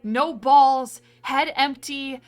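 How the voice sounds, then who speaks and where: A woman's voice: high voice, steady tone, extremely slow, a little mellow. A young woman streamer playing a mock priest for her chat, theatrical and sarcastic, slipping into sing-song.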